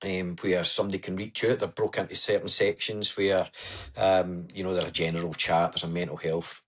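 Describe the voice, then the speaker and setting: Earnest and chatty, a man shares his story as a guest on a casual podcast interview, frequently using "aye" and "wee." His voice sits low, and his delivery is flat and a little fast.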